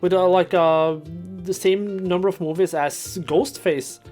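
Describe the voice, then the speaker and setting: Woman co-host, lower pitch, dry and teasing, casual chat. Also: steady tone, a little slow, darkish tone, faint music behind. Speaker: podcast co-host.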